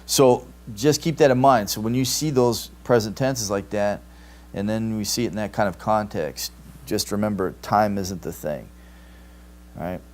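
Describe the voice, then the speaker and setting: A man's voice: on the low side, normal speed, a little mellow. Man teaching a grammar lecture. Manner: explanatory, checks in with "right?" often. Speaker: Greek teacher. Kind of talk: classroom lecture. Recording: live stream capture.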